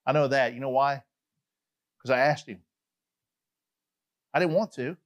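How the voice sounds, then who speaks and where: A middle-aged man from Atlanta, Georgia with a Southern accent, preaching a sermon as a chatty, animated storyteller with frequent asides. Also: medium pitch, a little slow. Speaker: pastor.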